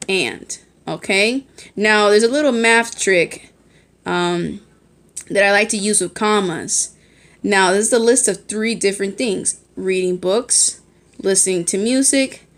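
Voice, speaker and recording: A woman's voice: medium pitch, a bit bright. A woman teacher giving a recorded lesson on her phone, explaining step by step and checking in often. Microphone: phone held in hand.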